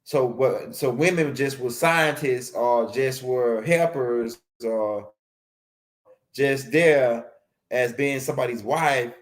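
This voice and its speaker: Guy rambling thru a stream lecture, loops back on himself a lot, slangy, mid-pitched voice. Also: slow pace. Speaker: host of a spiritual teaching stream. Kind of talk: casual livestream lecture.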